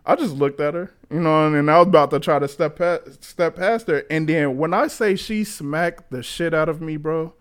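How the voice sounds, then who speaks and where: Young man, twenties, casual storytelling, animated and slangy, slightly high voice. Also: moderate pace, few pauses, clean tone. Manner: animated, slangy, laughs often. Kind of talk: casual chat.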